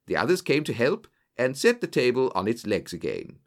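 A man's voice: mid-range voice, huge pitch swings, normal speed. A man narrating a story aloud, telling it with varied character voices. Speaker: audiobook narrator. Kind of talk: scripted narration.

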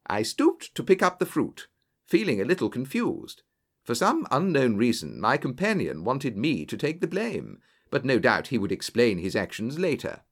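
Guy reading a story out loud, pitch jumping all over, does the voices too. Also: moderate pace. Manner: lively storytelling with varied character voices. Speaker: audiobook narrator. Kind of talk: scripted narration.

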